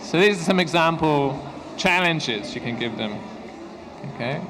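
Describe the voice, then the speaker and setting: A man presenting an interactive workshop for English teachers, upbeat and encouraging as he gives quick instructions. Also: a little high, animated, noisy background. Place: conference room at a university. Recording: echoey hall with long reverb.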